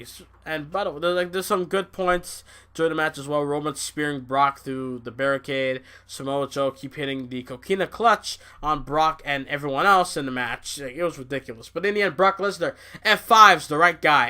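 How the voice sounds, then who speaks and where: A young man giving a casual, excitable wrestling review, repeating himself, swearing and laughing at his own points. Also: fairly high pitch.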